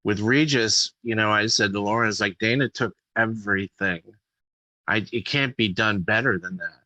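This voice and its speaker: A man's voice: on the low side, moderate pace, bright, forceful tone, no echo, rough recording. A man chatting as a guest comedian, rambling and interrupting himself as he tells stories. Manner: rambling, self-interrupting storyteller. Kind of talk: casual storytelling chat.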